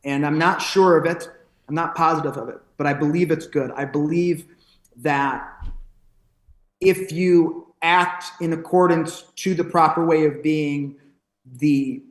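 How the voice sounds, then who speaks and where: A man, a pro wrestler and podcast guest, talking in a thoughtful, philosophical way with frequent restarts. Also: on the high side. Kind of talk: reflective podcast conversation. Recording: roomy echo.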